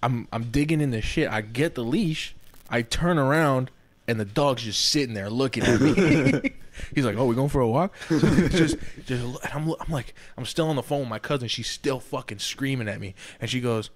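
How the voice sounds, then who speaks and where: A man co-hosting a podcast, telling a long story in a casual, animated and profane way, often asking "you feel me". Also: mid-range voice, moderate pace. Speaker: podcast co-host. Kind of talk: casual storytelling among friends.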